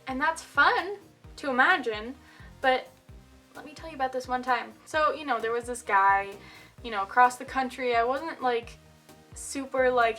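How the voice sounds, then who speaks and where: Bright, chatty young woman vlogging. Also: sits high, lively intonation, moderate pace, soft background music. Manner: chatty, self-mocking, many fillers. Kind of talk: casual chat to camera.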